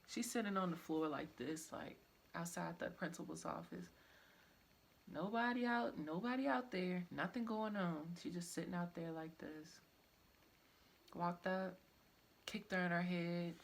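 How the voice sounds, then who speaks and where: A woman's voice: lowish voice, a little slow, vocal fry. A young woman telling a personal story in a loose, rambling way, with plenty of "like" asides. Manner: casual, rambling, full of "like" and "I'm like" asides.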